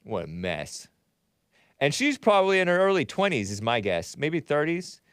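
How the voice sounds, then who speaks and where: A man's voice: a little high, huge pitch swings, normal speed, a bit bright, smooth, no echo, clean studio sound. A male show host giving rambling, sarcastic commentary, chuckling between remarks as he reads from a chat.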